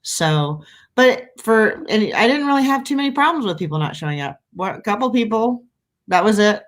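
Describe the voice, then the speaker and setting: A woman hosting a casual chat, an animated storyteller who laughs often. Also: medium pitch, moderate pace. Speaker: host. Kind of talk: casual conversation.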